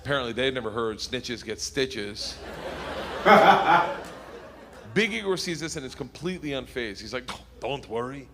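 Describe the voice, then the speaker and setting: A man doing stand-up storytelling on stage, loud and animated, shouting punchlines. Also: medium pitch, a little fast, hardly any pauses. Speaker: stand-up comedian. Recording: live theater with reverb and light noise.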